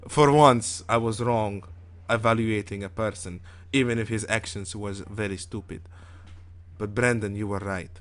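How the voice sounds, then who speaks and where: A man's voice: lowish voice, fairly even intonation, normal speed. A man from Europe co-hosting a live gaming show, rambling and joking in casual banter full of fillers and restarts.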